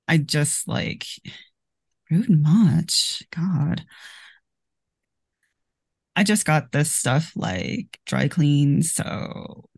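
A tabletop player with a gravelly, fry-laced voice talks in and out of character, rambling and stacking up fillers. The sound is close and dry. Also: medium pitch, extremely slow, long pauses, a little mellow, no room sound. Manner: rambling, full of "like". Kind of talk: playing a tabletop game in character.

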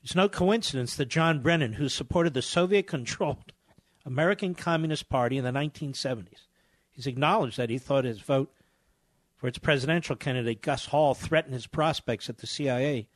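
A man's voice: mid-range voice, a little fast, no room sound. A middle-aged man hosting a talk radio show, delivering scornful, combative commentary with hammering repetition.

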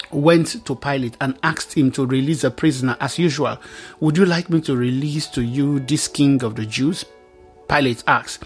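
Male preacher with a mid-range voice, reading scripture and explaining it, faint music underneath. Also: medium pitch. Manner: reads scripture aloud, then explains it with emphatic repetition. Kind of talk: Bible teaching sermon.

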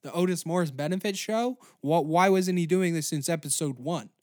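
A man's voice: fairly high pitch, moderate pace, a little mellow. A man from Canada hosting a comedy podcast, rambling through a crude, absurd monologue. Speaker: podcast host.

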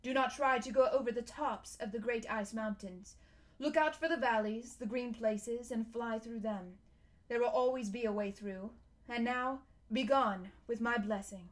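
A majestic, wise male lion speaks with slow, grave solemnity, as a woman puts him on while reading a storybook aloud. The voice sits a touch higher than usual for a man. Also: close to an everyday voice.

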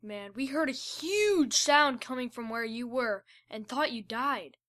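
Give me a stammering, emotional boy companion, as a woman narrator reads him, bright. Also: on the high side, expressive, unhurried. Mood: hesitant.

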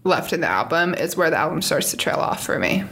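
Chatty excited woman on a music podcast, says like a lot, calls people honey. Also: deep voice, a little fast. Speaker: podcast co-host. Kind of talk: casual music podcast chat.

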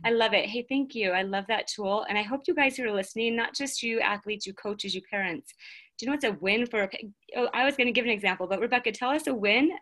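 A woman's voice: on the high side, fast talker, fairly bright tone. A woman hosting a podcast in casual chat, enthusiastic and affirming, keeps saying how much she loves ideas. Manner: enthusiastic, affirming, many "I love it"s. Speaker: podcast host.

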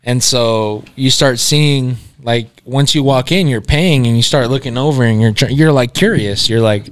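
A man's voice: mid-range voice, normal speed. A man co-hosting a podcast, telling a story in laid-back, profane casual chat. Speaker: podcast co-host.

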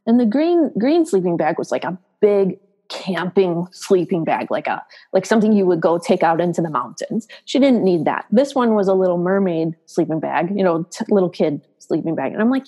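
A woman's voice: lively intonation, normal speed, dark tone, rough recording. A middle-aged woman, a mother, recounting a personal story as an interview guest, tearful and emotional, raising her voice to act out quoted dialogue. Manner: emotional, acts out quoted dialogue with raised pitch.

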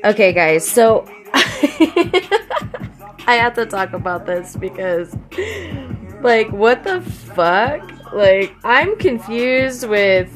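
A woman's voice: fairly high pitch, very animated, drawn-out words, pauses often, faint music behind. A young woman doing a casual comic monologue, swearing, joking and laughing often between many fillers.

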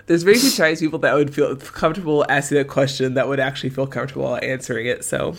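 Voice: mid-range voice, fairly even intonation, fast talker. A podcast co-host talking in a rambling, casual way with many fillers. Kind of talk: casual chat.

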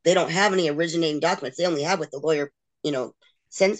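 A woman's voice: low voice, quick pace. Middle-aged woman guest, candid and emotional, acts out others' words as she tells her story. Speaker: interview guest.

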